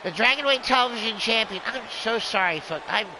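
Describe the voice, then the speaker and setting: A man's voice: high voice, lively intonation, brisk, noisy background. A man calling a wrestling game as a rambling, jokey streamer who plays a drunken clown persona. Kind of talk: excitable play-by-play game commentary.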